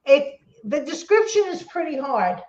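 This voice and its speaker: A woman's voice: high voice, sing-song, measured pace, darkish tone. A middle-aged woman with a New York accent in casual chat, laughing often and jumping between topics. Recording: echoey room, dull lo-fi sound.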